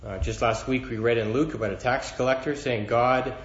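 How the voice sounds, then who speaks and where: A man delivers a sermon in a church hall, earnest and steady, leaning harder into his words when he quotes scripture. The room rings around his mid-pitched voice, and the sound is a little dull and muffled. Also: moderate pace, a little hiss or hum. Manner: earnest, rising in emphasis when quoting scripture. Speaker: preacher.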